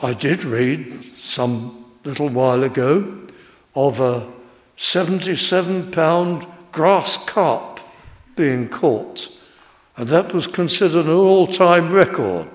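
A man preaching an expository sermon, reading verses and explaining them with deliberate emphasis. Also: fairly high pitch. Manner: slow, deliberate Bible exposition with rising emphasis. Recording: long hall reverb.

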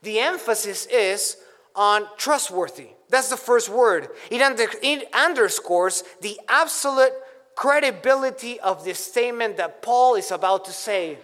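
A man preaching an expository sermon, teaching deliberately and stressing key words as he quotes scripture. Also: sits high, a bit bright. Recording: long hall reverb.

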